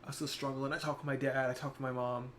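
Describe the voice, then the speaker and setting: A young man talks on his stream in a casual, reflective way. His voice turns soft and quiet when the talk gets emotional. Faint noise sits underneath, with a mid-pitched tone. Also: level tone, fast. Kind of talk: casual chat.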